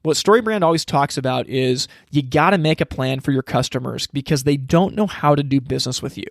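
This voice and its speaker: A man teaching a step-by-step sales process in casual, energetic talk, acting out lines he would say to customers. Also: mid-range voice, a little fast, vocal fry, no room sound, clean studio sound. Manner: energetic, acts out customer dialogue, frequent restarts. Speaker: sales trainer.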